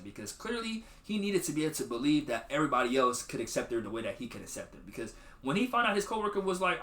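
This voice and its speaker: A man's voice: high voice, a bit bright, echoey room. A man hosting a podcast, recapping a movie in loose slangy chat full of swearing and acted-out quotes. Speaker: podcast host.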